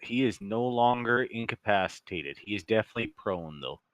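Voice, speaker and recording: A man's voice: lowish voice, expressive, a little fast, muffled recording. A man acting as game master in a tabletop game, giving easygoing rulings.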